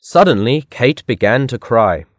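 A man reading a children's picture book aloud in a careful, clear read-aloud manner. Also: medium pitch, big pitch swings, a little slow, dry recording, clean studio sound. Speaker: storybook reader. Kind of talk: scripted narration of a children's story.

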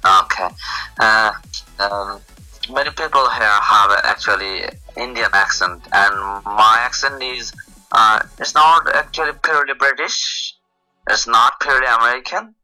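A man's voice: medium pitch, unhurried, pushed and bright, rough recording. A man from Bangladesh, a police officer, talking as a guest over an internet call with many hesitations. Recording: compressed online call with faint music.

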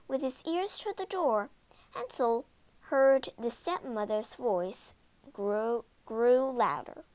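Woman reading a kids story out loud, high lively voice, slow and dramatic. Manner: animated, dramatic. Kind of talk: expressive storybook read-aloud.

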